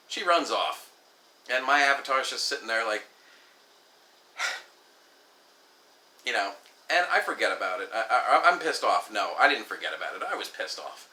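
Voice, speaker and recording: A man's voice: fairly low pitch, lively intonation, normal speed, long pauses, sharp tone. A man vlogging in a casual storytelling monologue, candid and rambling with frequent restarts and asides. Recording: echoey room.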